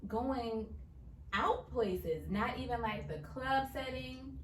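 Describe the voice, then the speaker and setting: A woman's voice: fairly high pitch, takes it slowly. A woman co-hosting a podcast with her partner, chatting casually and laughing easily. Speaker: podcast co-host. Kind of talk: casual chat. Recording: roomy echo, distant mic, faint noise.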